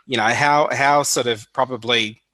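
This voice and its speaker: A man's voice: medium pitch, steady tone, normal speed, pushed and bright, no room sound. A man with an Australian accent interviewing a guest, mostly murmuring agreement and asking loose, musing questions. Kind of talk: casual interview conversation.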